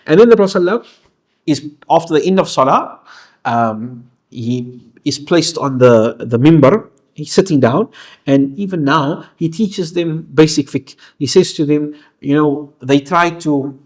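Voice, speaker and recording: Male religious teacher, slightly high voice, earnest storyteller who stumbles and restarts often. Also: expressive, a little slow. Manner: earnest, frequent restarts and fillers. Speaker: Islamic teacher. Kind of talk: lecture storytelling.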